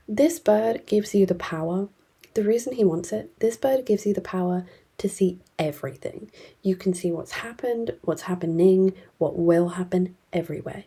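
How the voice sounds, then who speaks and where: A woman's voice: medium pitch, mellow, slightly rough. A woman casually recapping a novel she read, rambling with lots of fillers and the odd whispered aside. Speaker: book reviewer.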